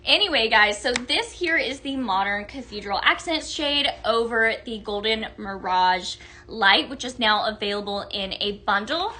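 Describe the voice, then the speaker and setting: A woman's voice: fairly high pitch, lively intonation, normal speed, hardly any pauses, bright, forceful tone, slight background noise. A young woman hosting a live-stream product demo, chatty and gushing, greeting viewers by name. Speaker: live sales host.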